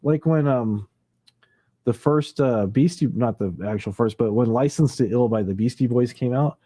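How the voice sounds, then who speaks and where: A man's voice: medium pitch, moderate pace, dark tone, no echo, clean studio sound. A man hosting a late-night livestream, rambling casually, laughing easily and imitating sounds as he reminisces. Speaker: livestream host. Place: home livestream setup.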